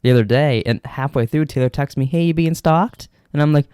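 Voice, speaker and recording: A man's voice: fairly high pitch, fairly quick, few pauses, a little mellow, clear, resonant tone, no echo, studio quality. A young man co-hosting a podcast, telling rambling, profane stories in casual chat. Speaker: podcast co-host.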